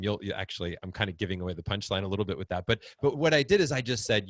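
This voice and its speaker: A man's voice: quick pace, hardly any pauses, no echo. Middle-aged guy telling a story, voices jump way up when he quotes people, dry sound. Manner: animated, acts out quotes with big pitch jumps. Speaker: podcast guest, fatherhood group founder. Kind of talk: conversational storytelling.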